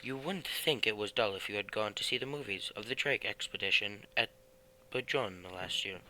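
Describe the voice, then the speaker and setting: A man voicing an eager, dreamy middle-aged house painter in a read-aloud storybook, lively and animated. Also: on the low side, normal speed, slight background noise, low-quality recording.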